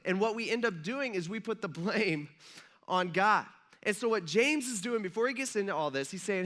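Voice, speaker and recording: A male pastor preaches with a high voice. His energetic, conversational delivery keeps checking in with the congregation, and his tone is bright. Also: normal speed. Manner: conversational, energetic, asks the audience questions. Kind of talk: sermon.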